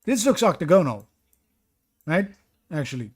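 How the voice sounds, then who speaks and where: A man with a fairly high voice streams a geography guessing game. He reasons out loud and second-guesses himself. He chats casually with his viewers between guesses. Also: big pitch swings, moderate pace, breathy edge. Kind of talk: live-stream commentary reading chat.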